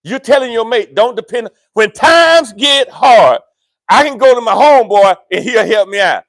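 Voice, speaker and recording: Animated preacher, high voice. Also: male voice, normal speed, no room sound, clean studio sound. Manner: animated preaching with playful asides to the congregation. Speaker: pastor. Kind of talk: sermon. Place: church sanctuary.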